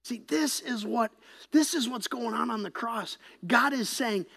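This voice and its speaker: An impassioned pastor delivers a sermon with a gravelly edge to the voice. The delivery swings from loud, forceful emphasis down to hushed whispers, with a middling pitch. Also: measured pace.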